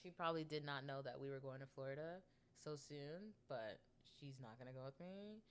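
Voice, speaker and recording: Young woman, podcast host, low pitch, smooth tone, chatty, rambling. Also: a little fast. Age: 20s. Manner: rambling and chatty, with many ums and laughs. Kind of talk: casual solo podcast chat.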